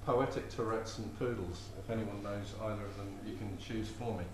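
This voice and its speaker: A man's voice: fairly low pitch, steady tone, moderate pace, distant mic, noisy background. A man, performing comic poetry live with a rhythmic, playful delivery. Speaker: poet. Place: live venue before an audience. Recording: echoey room with faint ambience.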